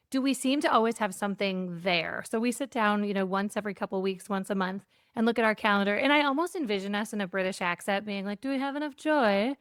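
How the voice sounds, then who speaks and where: A woman who is the guest on an interview podcast. She tells stories in a lively way, acts out bits of dialogue and says "like" often. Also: fairly high pitch, clear, resonant tone, no room sound, studio quality. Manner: animated storyteller, acts out dialogue, frequent "like". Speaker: guest, keynote speaker on joy. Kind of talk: casual interview storytelling.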